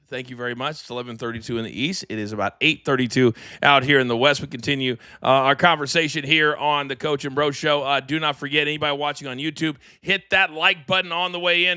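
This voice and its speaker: A male host with a very bright, sharp-edged voice that sits a little high. He talks fast and with energy, like he is cutting a promo. The studio sound is dry and close. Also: clear, resonant tone, no echo. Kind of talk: live wrestling talk show.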